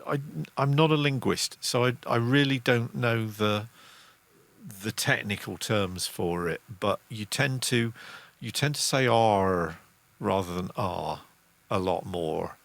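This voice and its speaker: A man's voice: mid-range voice, a little slow, vocal fry, a bit bright. A middle-aged man with a Lancashire accent, hosting a casual livestream, rambling and restarting his sentences as he reads out chat comments. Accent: English, Lancashire with Midlands traces. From England. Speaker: livestream host, musician.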